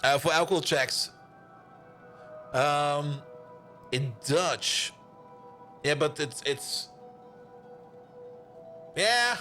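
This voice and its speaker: Lively, bright-voiced male game streamer. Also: on the high side, drawn-out words, long pauses, soft background music. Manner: animated, laughs often, swears casually. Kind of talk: casual live-stream chat while playing.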